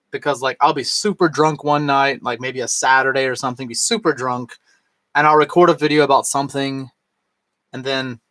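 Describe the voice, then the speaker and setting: A man's voice: fairly bright tone, no echo. Man in his thirties, tipsy, rambling casual vlog talk, swears, dry close sound. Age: 30s. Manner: loose, rambling, swearing, mimics other people in higher voice. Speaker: vlogger.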